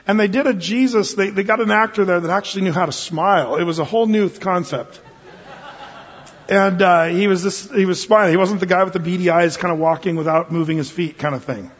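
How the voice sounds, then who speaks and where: Pastor guy preaching, kinda high husky voice, jokey and chatty, echoey church hall, muffled lo-fi sound. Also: fairly quick. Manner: joking, conversational preaching. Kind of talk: sermon. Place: church sanctuary. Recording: reverberant hall, dull lo-fi sound.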